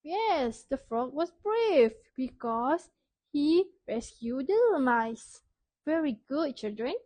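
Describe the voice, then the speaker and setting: A woman teacher telling a story to young children, asking questions and praising answers clearly. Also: high-pitched, big pitch swings, slow, a little mellow, no room sound.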